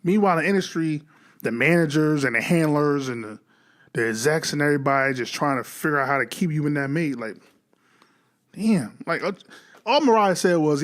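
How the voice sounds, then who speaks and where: A man's voice: a little high, animated, moderate pace, long pauses. A man giving casual, slangy reaction commentary, swearing often and sounding incredulous. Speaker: reaction streamer.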